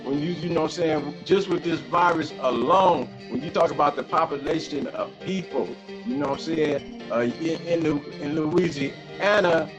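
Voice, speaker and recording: A man's voice: fairly high pitch, normal speed, hardly any pauses, music in the background, poor audio. A man in a casual chat, chiming in agreeably and backing up the host. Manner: agreeable, chiming in with short affirmations.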